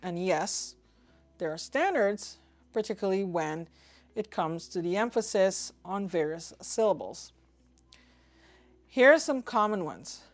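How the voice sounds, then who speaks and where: A woman's voice: mid-range voice, lively intonation. Opinionated woman explaining radio etiquette. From Trinidad and Tobago. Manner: opinionated, spells out call signs slowly and deliberately. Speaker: ham radio vlogger. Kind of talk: casual explanatory talk to camera.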